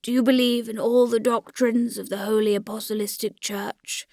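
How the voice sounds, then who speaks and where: A woman voicing a hurried old village priest. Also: fairly high pitch, level tone, a little mellow, no room sound, clean studio sound, lightly acted. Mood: hurried, patient. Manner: hurried, rote churchly phrasing. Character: weary good-natured old male village priest.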